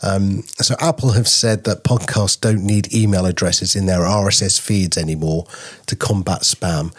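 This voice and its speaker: A man co-hosting a podcast news show, chatting casually and tossing in playful asides. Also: fairly low pitch. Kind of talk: casual chat.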